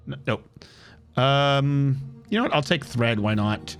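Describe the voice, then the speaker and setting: A man's voice: medium pitch, normal speed, faint music behind. A man streaming a strategy game, chatting casually and reading in-game text aloud with wry, sarcastic asides. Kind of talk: casual gameplay commentary.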